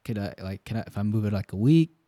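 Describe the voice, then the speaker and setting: A man's voice: fairly low pitch, animated, fast talker, mellow, no room sound. A man co-hosting a faith podcast, talking in an earnest, rambling way with plenty of fillers. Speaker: podcast co-host. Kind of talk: casual faith talk.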